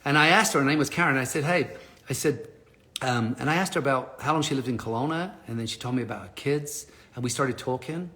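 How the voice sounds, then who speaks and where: Bright, animated male motivational speaker. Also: mid-range voice, fast. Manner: animated, laughing, swears casually. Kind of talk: live-stream storytelling.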